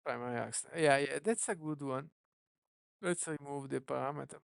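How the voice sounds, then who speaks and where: Very gravelly voice thinking aloud while coding. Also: mid-range voice, no echo, studio quality. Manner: musing, self-questioning, unhurried. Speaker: app developer streaming live.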